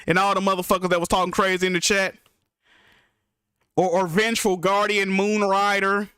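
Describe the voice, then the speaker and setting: A man's voice: sits high, flat delivery, normal speed, long pauses, smooth, no echo, studio quality. Exasperated young man ranting on stream. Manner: exasperated, profane, swings loud and quiet. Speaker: gaming streamer. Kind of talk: live stream rant.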